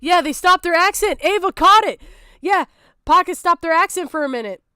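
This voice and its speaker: A woman's voice: very high-pitched, animated, normal speed, sharp tone, dry recording, clean studio sound. A woman streaming and chatting casually, with a goofy, cartoonish voice, laughing often and swearing freely.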